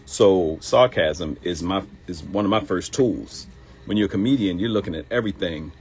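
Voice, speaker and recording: Deep gravelly middle-aged male comedian. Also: moderate pace, a little hiss or hum, rough recording. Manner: animated, joking storytelling. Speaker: comedian and show host. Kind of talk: live show monologue.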